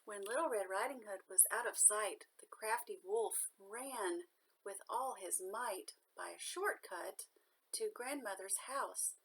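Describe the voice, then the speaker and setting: A woman, a nanny, reading a children's storybook aloud in a gentle, expressive way. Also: medium pitch, a little slow, a little hiss or hum, rough recording.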